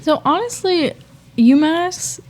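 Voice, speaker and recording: A woman in her twenties from the Boston area, a podcast guest talking casually and softly, with lots of fillers like "um" and "like". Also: very high-pitched, slow pace. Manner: soft-spoken, relaxed, lots of "like" and "um". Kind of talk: casual interview chat.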